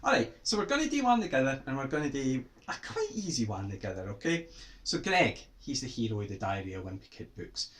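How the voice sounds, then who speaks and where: A man with a Scottish accent giving a playful lesson to children, with animated, exaggerated exclamations. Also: medium pitch, quick pace. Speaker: writer teaching children.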